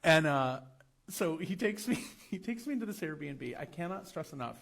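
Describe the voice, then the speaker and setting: A young American man telling a travel story in a casual vlog, animated and laughing often as he acts out the people he met. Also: a little high, moderate pace. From United States.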